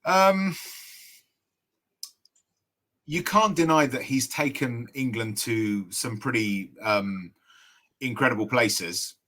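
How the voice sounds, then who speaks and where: A man's voice: medium pitch, slow pace, fairly bright tone. A man chatting as a podcast guest, thoughtful and hesitant, with many restarts. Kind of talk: casual chat.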